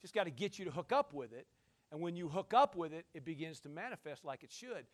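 A man preaching a sermon in a folksy, conversational way, calling to his listeners and swinging from shouts down to quiet asides. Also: big pitch swings, fast talker. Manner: emphatic call-and-response preaching, shouting at peaks, then dropping low.

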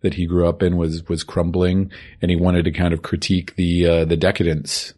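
A man co-hosting a podcast, calmly summarizing and explaining an old film in casual talk. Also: low voice, moderate pace. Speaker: podcast co-host.

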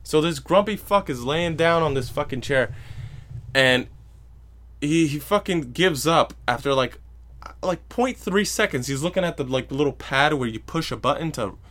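A man hosting a podcast, telling a story in a casual, profane rant and mocking people in loud put-on voices. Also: on the high side, animated, moderate pace. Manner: profane, ranting, mocks others in loud voices. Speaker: podcast host.

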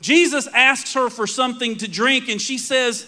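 A man preaching a sermon, telling stories dramatically and dropping to quiet emphasis. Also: very high voice, moderate pace, hardly any pauses.

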